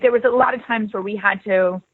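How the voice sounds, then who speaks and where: A woman's voice: mid-range voice, fairly quick. A young woman in her twenties, an actress guest in a casual interview, talking in a chatty, upbeat way and laughing easily. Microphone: phone. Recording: tinny phone line.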